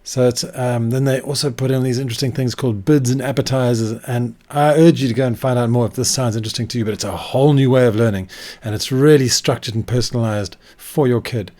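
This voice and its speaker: A man's voice: mid-range voice, steady tone, fast talker, dark tone. Chatty man hosting a casual vlog. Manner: chatty, conversational, with fillers and asides to viewers. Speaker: vlog host. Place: indoor room.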